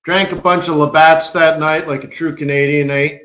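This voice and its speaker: A man hosting a live trading webinar as market strategist, talking in an animated way and tossing in rhetorical questions. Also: fairly high pitch, moderate pace, echoey room, muffled recording. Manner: animated, rhetorical, keeps asking "right?".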